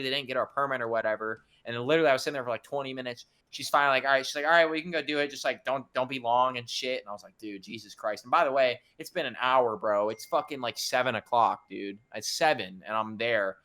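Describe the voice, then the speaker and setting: A young man telling a story in a casual podcast chat, animated and swearing a lot as he acts out the people in it. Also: mid-range voice, quick pace, few pauses, smooth.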